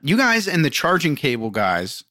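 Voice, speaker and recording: A man's voice: a little high, huge pitch swings, moderate pace, pushed and bright, no room sound, studio quality. A man co-hosting a podcast in casual chat, telling annoyed stories with swearing and frequent laughs. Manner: laughing, profane storytelling. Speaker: podcast co-host.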